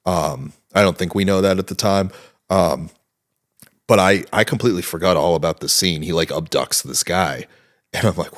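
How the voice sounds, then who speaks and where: A young man, a guest in a casual interview, telling a story with animated energy and a lot of cursing. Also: sits low, normal speed. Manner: animated storytelling, heavy swearing.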